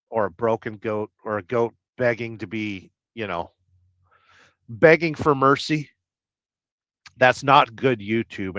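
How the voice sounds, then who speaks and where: A man hosting a livestream, chatting casually and reading viewer comments with rambling, deadpan jokes. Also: on the low side, no room sound. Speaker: livestream host. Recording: dull lo-fi dry sound.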